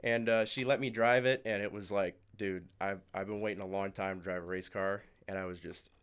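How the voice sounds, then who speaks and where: Brief: young man, lowish voice, animated storyteller who laughs as he talks. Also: a little fast, smooth. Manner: animated, laughs through his stories. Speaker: podcast guest, race car driver. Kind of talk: casual storytelling.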